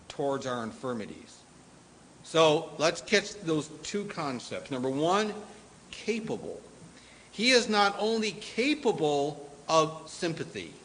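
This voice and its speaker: A middle-aged male pastor delivering a sermon at an unhurried, measured pace. His voice sits a little high and has a bright, forceful edge. He leans hard on key words for emphasis. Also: low-quality recording. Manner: slow, deliberate preaching with emphatic rises.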